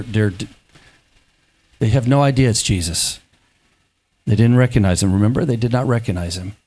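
A middle-aged man preaching a sermon, animated and playful, acting out the dialogue of biblical scenes in quick voices. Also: lowish voice.

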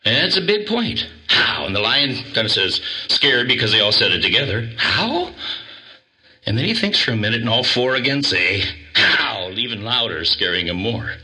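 A male pastor preaching an animated sermon, quizzing the congregation and coaxing them to repeat words after him. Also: medium pitch, brisk, few pauses.

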